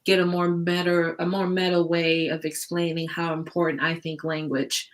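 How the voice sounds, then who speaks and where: A woman's voice: fairly low pitch, flat delivery, moderate pace. A woman in a book club discussion on a video call, talking casually and hesitantly, searching for words and laughing often. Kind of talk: casual chat.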